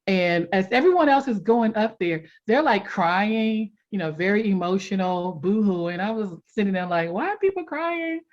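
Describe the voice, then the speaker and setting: A woman guest on a podcast telling a personal story in a casual interview, animated and quick to laugh. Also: mid-range voice, lo-fi sound. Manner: animated, laughs often, acts out quotes. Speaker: podcast guest, life coach.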